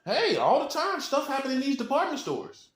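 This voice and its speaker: Guy preaching off the cuff, blunt n slangy, highish voice, echoey room. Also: huge pitch swings, normal speed. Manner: blunt, repetitive, slangy, chuckling. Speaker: self-styled prophet. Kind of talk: informal preaching monologue.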